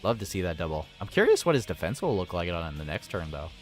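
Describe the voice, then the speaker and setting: A gaming streamer with a deep, sing-song voice talks fast as he chats casually with viewers and his pets, laughing often. Faint guitar music plays behind him.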